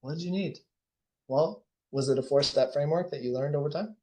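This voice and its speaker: A man leading a group coaching workshop, guiding reflection in a soft, slow, hushed voice, blunt and swearing freely. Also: a little high, background noise. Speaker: workshop leader and life coach. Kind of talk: guided group coaching session.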